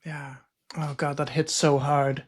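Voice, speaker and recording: A man hosting a podcast interview in a casual conversational way, telling stories with lively acted-out quotes. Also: on the high side, unhurried, slightly rough. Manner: lively storyteller, acts out quoted lines. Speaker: podcast host.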